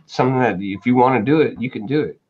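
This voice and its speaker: A man with a middle-pitched voice comes through on dull, lo-fi stream audio. He co-hosts a live comics show and chimes in with short, teasing remarks. His talk is casual and quick. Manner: teasing, brief interjections. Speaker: co-host.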